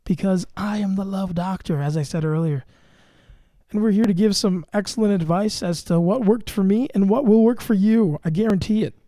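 A man's voice: high voice, moderate pace, mellow, no room sound, studio quality. A man hosting a casual comedy podcast, bragging in a mock-grandiose, self-mocking way. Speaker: podcast host.

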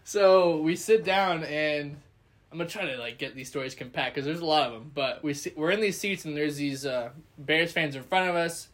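Animated man telling a story, fairly high voice. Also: moderate pace. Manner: animated, acts out quotes, laughs often. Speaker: podcast co-host telling a story. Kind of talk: casual chat, storytelling.

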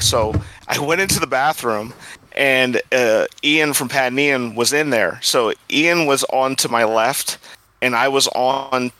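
A man guest on a gaming podcast, telling animated stories in casual chat and laughing often. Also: medium pitch, measured pace, slight background noise, low-quality recording. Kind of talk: casual storytelling.

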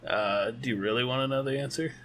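A man's voice: mid-range voice, fast, a bit bright, slight background noise. A man co-hosting a podcast, chiming in with brief, dry remarks in a casual chat. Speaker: podcast co-host.

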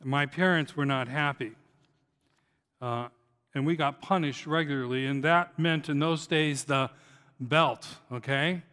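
A man's voice: fairly high pitch, a little slow, clear, resonant tone. Middle-aged male preacher in a reverberant hall. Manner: storytelling, rising loud on anecdotes and dropping soft on key points. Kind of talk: sermon. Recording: long reverb of a large hall.

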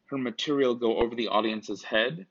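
A man's voice: mid-range voice, normal speed, gravelly, husky. A man co-hosting a podcast in casual chat, rambling with many restarts and asides. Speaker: podcast co-host. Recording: dull lo-fi sound.

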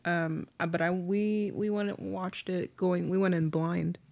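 A woman co-hosts a relaxed chat in a low, gravelly voice. She answers with short, wry one-liners and laughs often. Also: a little slow. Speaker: podcast co-host. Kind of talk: casual chat.

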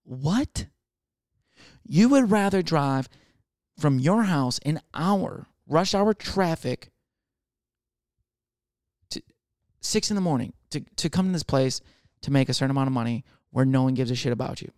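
A young adult man, a comedian, riffing in a casual rambling monologue, swearing often and slipping into quick voices of other people. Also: on the high side, lively intonation, darkish tone, no echo, clean studio sound.

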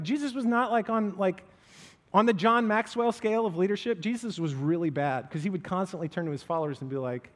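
High-voiced pastor preaching in a hall. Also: male voice, fairly quick. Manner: lively, animated, acts out quoted voices. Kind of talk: casual conversational sermon. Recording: long reverb of a hall.

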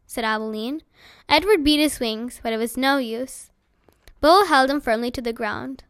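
A woman reads a children's novel aloud in a gentle storytelling manner. Her voice is high and bright, and she takes her time. The recording is close and dry. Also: normal speed, smooth, no echo. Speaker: narrator.

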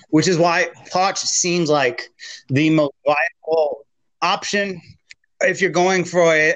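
A man hosting a football talk show, laying out his view in a measured way with frequent fillers. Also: on the high side, fairly bright tone, poor audio. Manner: measured, hesitant, many fillers. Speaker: sports talk show host. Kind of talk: hosting a sports discussion.

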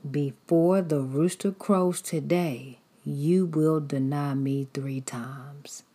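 A woman voicing Jesus in a whispered role-play, foretelling in a slow, solemn whisper. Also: low voice, a little mellow. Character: Jesus, a calm man foretelling softly.

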